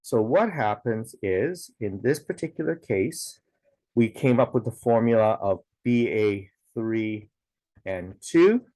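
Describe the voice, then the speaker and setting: Slow, lively-pitched male teacher. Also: no room sound. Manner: slow, patient explaining with frequent "okay" and "now". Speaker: science teacher. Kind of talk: recorded classroom lesson.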